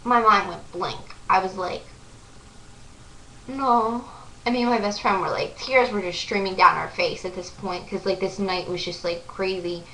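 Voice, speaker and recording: A young woman vlogger excitedly telling a story to the camera, gushing and full of "like" fillers. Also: medium pitch, normal speed, hardly any pauses, far from the mic, a little hiss or hum. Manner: breathless, gushing, lots of "like" fillers. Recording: echoey room, voice off-mic.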